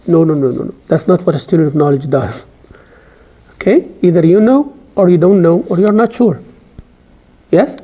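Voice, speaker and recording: Middle-aged lecturer, dark gravelly voice, emphatic classroom delivery. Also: male voice, fairly high pitch. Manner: emphatic, rising sharply when stressing points; recites scripture in rapid chant. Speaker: Islamic studies teacher.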